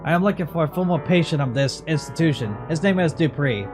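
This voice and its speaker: A man's voice: a little high, lively intonation, fast, over music, close to an everyday voice. A man reading the lines of a formal, courteous male psychiatrist in a game. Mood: polite. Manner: reads dialogue aloud in a courteous, formal tone.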